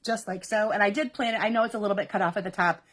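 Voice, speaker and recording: A woman's voice: medium pitch, steady tone, rapid-fire, a bit bright. A woman hosting a live card-making demonstration, chatty and instructional, laughing often as she talks viewers through each step. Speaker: papercraft host.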